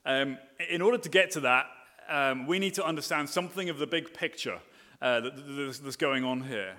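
A man's voice: medium pitch, normal speed, sharp tone. A man, a pastor preaching a sermon, with many fillers and restarts that build to emphatic repeated phrases. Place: church hall, live sermon. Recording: long reverb of a church hall.

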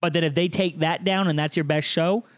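A man's voice: fairly high pitch, steady tone, smooth, no room sound, studio quality. A man co-hosting a podcast, arguing his side in casual chat. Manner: argumentative, quick comebacks. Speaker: podcast co-host.

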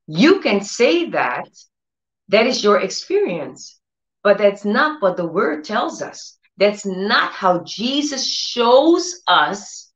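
A woman's voice: medium pitch, fairly bright tone. A woman teaching on faith and healing with passion, acting out the voices of doubters and repeating phrases for emphasis. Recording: roomy, slightly dull audio.

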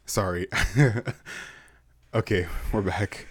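A man's voice: fairly low pitch, animated, moderate pace, slight background noise. A young man chatting casually and tossing in joking, wry asides. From Canada. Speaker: co-host. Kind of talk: casual chat.

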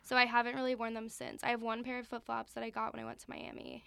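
A young woman talks casually on a podcast, her voice a touch high and very smooth. She is chatty and leans on fillers. The sound is close and dry. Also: big pitch swings, fast, pushed and bright, no echo. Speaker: podcast co-host. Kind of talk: casual chat.

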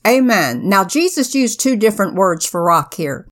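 A woman co-hosting a Bible podcast, explaining scripture in a measured, earnest way. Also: medium pitch, sing-song. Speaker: podcast co-host. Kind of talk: slow, earnest Bible teaching.

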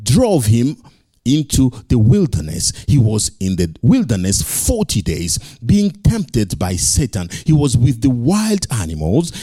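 A man's voice: mid-range voice, warm tone, slightly rough, no room sound, clean studio sound. A male pastor preaching a sermon, emphatic and repeating key phrases.

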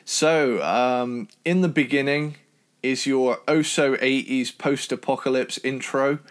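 A man from Cornwall with a British accent, co-hosting a casual album review chat in an enthusiastic, talkative way. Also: unhurried. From Cornwall, England. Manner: enthusiastic, chatty, jumps in pitch when excited. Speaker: podcast co-host reviewing albums.

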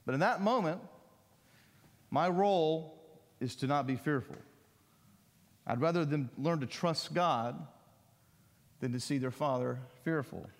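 A middle-aged man preaches in a church sanctuary, his somewhat high voice ringing out with a long reverb tail. He talks in a conversational, storytelling way, jumping up in pitch when he acts out what others say. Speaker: pastor. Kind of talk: sermon.

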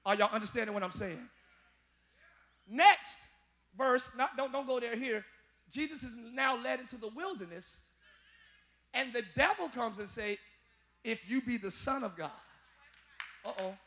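A male pastor preaching a live sermon to his congregation, folksy and talking to them as y'all, with quiet asides that break into shouted peaks. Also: very high voice, a little slow, pauses often. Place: large church.

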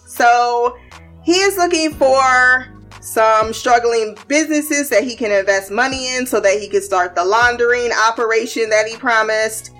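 A woman's voice: fairly high pitch, lively intonation, moderate pace, fairly bright tone, soft background music. Blunt, profane young woman recapping a show. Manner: blunt, profane, laughs often. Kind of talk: casual recap commentary.

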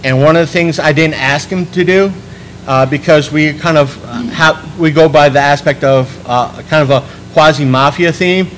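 A man hosting a podcast in casual chat, rambling and restarting his sentences, animated when he quotes people. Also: a little high, moderate pace, a little hiss or hum, rough recording. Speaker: podcast host.

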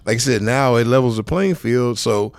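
A man's voice: mid-range voice, normal speed, no echo, clean studio sound. A man from South Central Los Angeles, a football coach telling rambling stories with lots of fillers and street slang in a casual interview. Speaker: high school football coach, guest.

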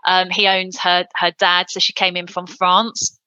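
A woman's voice: on the low side, monotone, measured pace, bright, forceful tone, clean tone, no echo, dull audio. A middle-aged woman chatting casually as a podcast guest, with lots of ums and easy laughs. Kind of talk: casual interview chat.

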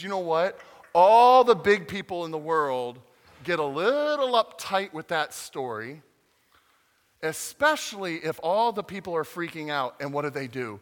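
Lively bright-voiced man preaching in a hall. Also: fairly high pitch. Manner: playful, interactive, acts out voices. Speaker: children's pastor. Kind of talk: animated family sermon to kids and adults.

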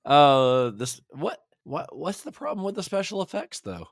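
A man's voice: on the high side, big pitch swings, no echo, clean studio sound. A man co-hosting a film podcast in casual chat, playful and often laughing. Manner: laughing, playful, quick quips. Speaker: podcast co-host.

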